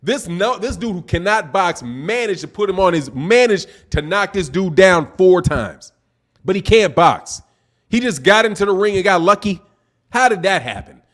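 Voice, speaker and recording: A man's voice: high-pitched, expressive, a bit bright. A man hosting a live boxing stream, reading chat and ranting in a heated, profane, exasperated way with casual slang. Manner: talks fast with casual slang.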